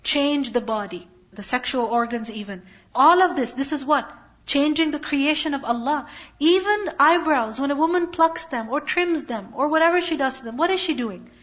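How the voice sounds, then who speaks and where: On a dull lo-fi recording, a woman with a high-sitting, slightly bright voice teaches the Quran at a normal speed. Her commentary lesson moves from reciting Arabic verses to translating them, and she asks rhetorical questions only to answer them herself.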